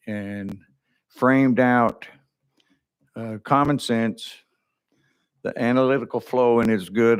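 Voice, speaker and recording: A man, a state legislator, speaking in a folksy, rambling way at a committee hearing. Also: on the low side.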